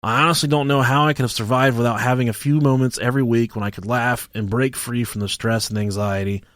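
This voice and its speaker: A man's voice: medium pitch, steady tone, quick pace, fairly bright tone, no echo, studio quality. A man co-hosting a podcast, reading listener emails aloud and cracking crude jokes between them. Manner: crude joking, mocking voices when quoting people. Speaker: podcast co-host.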